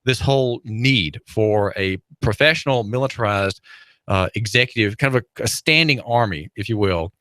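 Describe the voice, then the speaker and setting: A man's voice: lowish voice, normal speed, pushed and bright, dry recording. Rambling male talk radio host. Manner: rambling, many fillers and restarts, wry chuckles. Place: radio studio.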